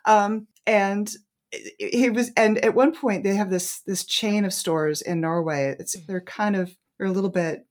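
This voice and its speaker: A woman's voice: mid-range voice, unhurried. Chatty woman author telling a story. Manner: chatty, fills with um and laughs. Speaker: author, guest. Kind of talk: casual storytelling in interview.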